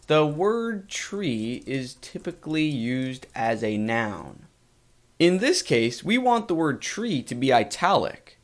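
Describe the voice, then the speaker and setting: A man narrating a coding tutorial in a clear, methodical way. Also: a little high. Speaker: coding instructor. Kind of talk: screen-recorded tutorial narration.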